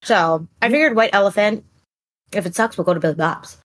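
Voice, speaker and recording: A woman's voice: mid-range voice, fairly quick, fairly bright tone. A woman co-hosting a podcast in casual chat, talking in an enthusiastic, rambling way with lots of "like". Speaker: podcast co-host.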